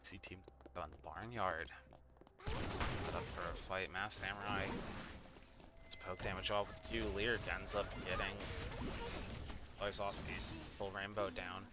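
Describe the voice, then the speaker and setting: A man doing brisk, matter-of-fact play-by-play commentary as an esports caster. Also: low-pitched, steady tone, over loud music. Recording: loud game gunfire behind.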